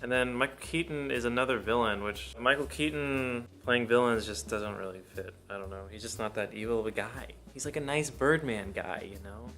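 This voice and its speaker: A man talks through a film review in a loose, rambling way, swearing freely and speaking bluntly. His voice sounds bright and forceful. Faint music plays underneath. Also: mid-range voice, a little fast, few pauses. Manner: blunt, profane, rambling opinions. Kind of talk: casual spoken film review.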